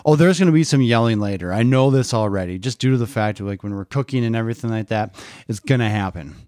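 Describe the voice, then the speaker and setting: A man's voice: fairly low pitch, quick pace, a little mellow, no room sound, clean studio sound. A middle-aged man and father hosting a casual family podcast, teasing and rambling with restarts into a podcast microphone.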